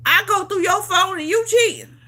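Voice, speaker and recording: A woman's voice: extremely high pitch, normal speed, pushed and bright. A woman vlogger telling a personal story in a casual chat. She talks emphatically, repeats herself, swears freely and laughs often. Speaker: vlogger on a livestream.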